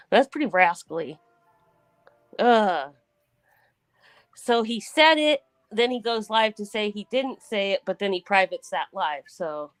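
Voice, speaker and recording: A woman's voice: medium pitch, lively intonation, slow pace, pauses often, dry recording. A woman hosting a casual livestream chat, rambling with restarts and laughing often. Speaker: livestream host.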